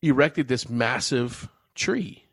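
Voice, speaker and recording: A man's voice: mid-range voice, expressive, takes it slowly, slightly rough, dry recording. Rambling man, dry close sound. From Nova Scotia, Canada. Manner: rambling, laughs often, many fillers. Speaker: podcast co-host. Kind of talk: casual podcast chat.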